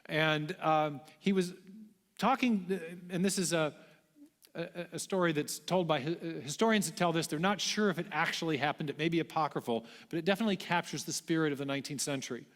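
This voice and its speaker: A man giving a public lecture to a large audience, telling history in a measured way with frequent restarts. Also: a little high, a bit bright. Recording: long hall reverb.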